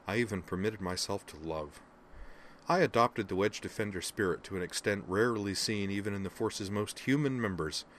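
A man voicing a female Vulcan officer in an audiobook reading, her voice low, monotone and almost mechanical, measured and controlled. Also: slight background noise, lightly acted. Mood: quiet. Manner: measured, rising into savage anger.

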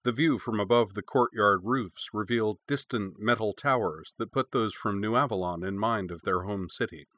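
Casting: male storyteller, low voice, steady descriptive reading, dry close sound. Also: normal speed, few pauses, no room sound. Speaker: narrator. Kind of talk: read-aloud fan fiction narration.

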